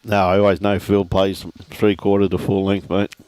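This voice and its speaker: Low-pitched and level, his darkish yet clean voice moves at a moderate pace with no room sound. The middle-aged Australian man provides relaxed lawn bowls livestream commentary in a chatty, matey way, naming viewers in shout-outs.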